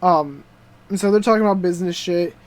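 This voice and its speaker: Slangy, excitable young man chatting. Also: high voice, a little fast. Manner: excitable, slangy, heavy swearing, constant "dude" and "like" fillers. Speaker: podcast co-host. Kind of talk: casual chat recapping a TV show.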